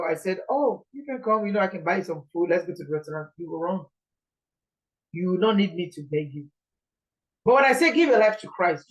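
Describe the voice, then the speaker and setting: A woman's voice: medium pitch, rough recording. A Nigerian woman preaching an informal sermon in an earnest, pleading way, repeating her points.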